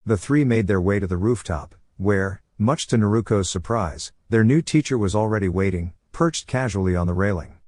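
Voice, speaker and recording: Man narrating a story in a low voice. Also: animated, normal speed, darkish tone, dry recording, clean studio sound. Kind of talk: scripted narration.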